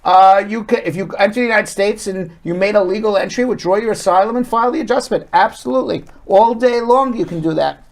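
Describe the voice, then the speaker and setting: A man's voice: sits high, fast talker, hardly any pauses. New York man hosting a live legal stream. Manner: upbeat, greets viewers by name. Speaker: immigration lawyer and show host. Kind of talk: live-stream chat, reading comments.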